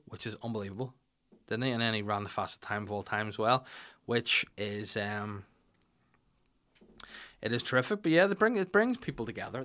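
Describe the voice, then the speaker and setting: A young man hosting a podcast, telling a rambling, self-mocking story and getting louder when he quotes himself. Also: medium pitch. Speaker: podcast host. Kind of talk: casual chat and anecdote.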